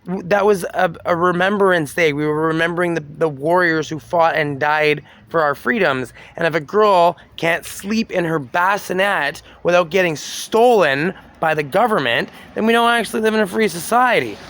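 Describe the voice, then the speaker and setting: A man's voice: fairly high pitch, moderate pace, few pauses, a bit bright. A man telling his own story on a city street at night, rambling, swearing and aggrieved.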